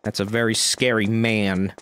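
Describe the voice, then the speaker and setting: In casual let's-play commentary, a streamer jokes through the action, reads the in-game dialogue out loud, and curses without restraint. The mid-range voice is a little slow, flat in delivery, slightly bright, and clean in tone.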